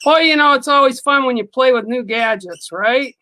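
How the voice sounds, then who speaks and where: A woman doing spiritual card readings on a livestream, talking slowly with many ums and pauses. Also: sits high, sharp tone, rough recording. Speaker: livestream psychic reader.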